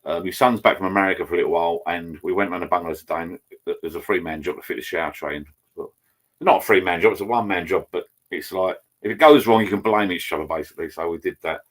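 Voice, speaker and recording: A man's voice: low voice, fast talker, fairly bright tone. A middle-aged man, rambling casually on a live stream from his home bar and greeting viewers by name. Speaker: channel host. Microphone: laptop.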